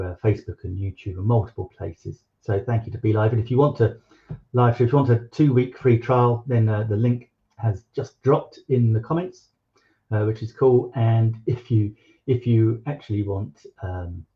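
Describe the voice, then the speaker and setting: A man's voice: lowish voice, highs cut off. A man hosting a live cooking stream, chatting casually with many fillers and restarts.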